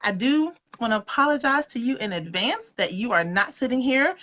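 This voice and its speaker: A woman's voice: on the high side, lively intonation, normal speed, fairly bright tone. A woman giving a casual, folksy livestream presentation on her webcam, chatty and full of fillers. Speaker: wellness presenter.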